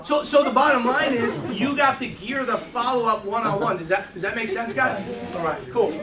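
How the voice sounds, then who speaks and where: A man with a very high-pitched voice, speaking at normal speed, gives a live sales training talk to a small audience in a meeting room, joking brashly, telling stories, and questioning the room. A crowd can be heard behind him, and the far-off mic catches an echoey room.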